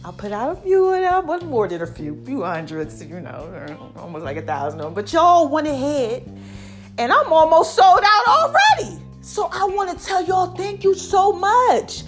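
A middle-aged woman talks to her followers in a chatty, animated vlog, her pitch sitting high and bouncing widely. Allergies leave her voice a touch deeper and rougher than usual. Soft music plays faintly behind her. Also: moderate pace. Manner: animated, chatty, repeats catchphrases, laughs often. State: voice a bit deep from allergies. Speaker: online personality talking to followers. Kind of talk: casual motivational vlog chat.

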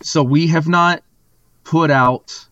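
A man at an ordinary middle pitch hosts a casual chat. He talks haltingly, full of "um" and restarts. The sound is dry and a little dull. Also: sharp tone, no room sound. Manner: hesitant, many fillers and restarts. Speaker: podcast host.

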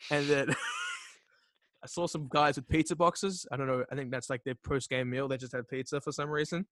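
A young man chatting casually, full of "um"s and restarts, often trailing off quietly. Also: mid-range voice, steady tone, no echo. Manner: halting, filler-heavy, trails off quietly. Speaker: podcast guest. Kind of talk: casual chat.

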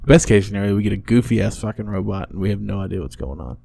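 A man's voice: fairly low pitch, animated, quick pace, gravelly, warm tone. A young man co-hosting a casual podcast, riffing with crude, jokey banter. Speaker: podcast co-host.

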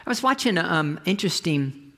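A pastor preaching a conversational, storytelling sermon, often restarting phrases and dropping to a soft whisper for emphasis. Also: medium pitch, big pitch swings, brisk, long reverb tail. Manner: frequent restarts and trailing phrases.

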